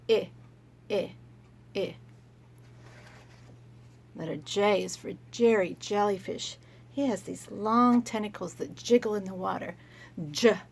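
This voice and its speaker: A woman teaching young children letter sounds, speaking gently and sounding out each letter. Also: medium pitch, vocal fry, slightly rough. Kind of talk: children's phonics lesson.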